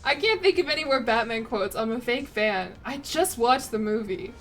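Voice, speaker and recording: A woman's voice: on the high side, expressive, moderate pace, soft background music. Chatty woman streaming a strategy game. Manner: chatty, rambling, self-deprecating, reads out chat. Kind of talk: casual gameplay stream chat.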